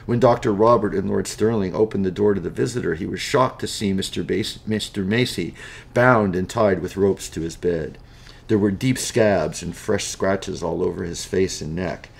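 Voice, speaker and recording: Male storyteller, deep, gravelly, dramatic read. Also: moderate pace. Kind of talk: storybook narration.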